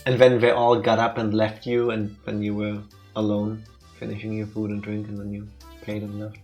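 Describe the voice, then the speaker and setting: A man's voice: lowish voice, completely flat delivery, normal speed, a little mellow, soft background music. A man co-hosting a let's play, reading visual novel narration aloud with a dry, teasing manner.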